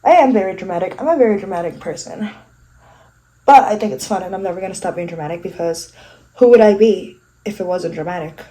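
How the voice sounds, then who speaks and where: Young woman, casual makeup vlog, candid, self-mocking, swears a lot, slightly stuffy, mellow voice. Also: mid-range voice, quick pace, poor audio. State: a bit stuffy from a coming cold. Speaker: beauty vlogger. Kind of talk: casual get-ready-with-me chat. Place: her living room.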